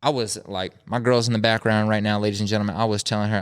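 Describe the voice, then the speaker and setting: A man hosting a podcast in relaxed chat, telling lively stories and acting out quotes in playful voices. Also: fast, hardly any pauses, clean tone, no echo, studio quality. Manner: animated storyteller, acts out quotes in high voices. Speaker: podcast host. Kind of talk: casual interview chat.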